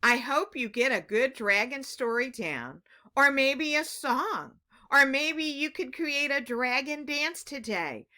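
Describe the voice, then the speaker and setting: Teacher type, woman, high and bright, unhurried read-aloud for kids, encouraging. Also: expressive. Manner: gentle, encouraging, asks the listener questions. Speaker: children's teacher reading aloud.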